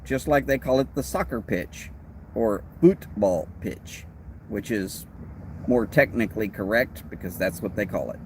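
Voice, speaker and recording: A man with a Texan accent hosts a live stream, rambling casually and answering viewers' comments. His voice is fairly low and darkish, with lively intonation and an unhurried pace. A little hiss or hum sits underneath.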